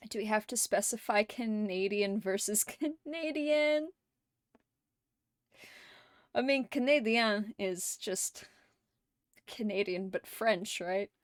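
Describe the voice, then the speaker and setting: A woman's voice: mid-range voice, takes it slowly, pauses often, dry recording, studio quality. A woman hosting a livestream, chatting casually and reading viewer messages aloud, laughing often between lines. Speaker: livestream host.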